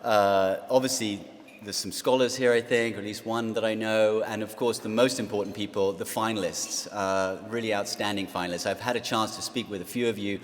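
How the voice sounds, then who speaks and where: A man's voice: fairly low pitch, steady tone, brisk. A man in his forties with an English accent, giving a self-deprecating speech to an audience, with many fillers and restarts. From England. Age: 40s. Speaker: guest speaker. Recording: long hall reverb.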